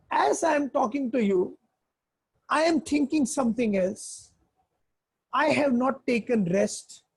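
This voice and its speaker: A woman giving an earnest spiritual lecture on Vedanta, teaching in a measured way and repeating key phrases. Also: on the high side, darkish tone, breathy edge.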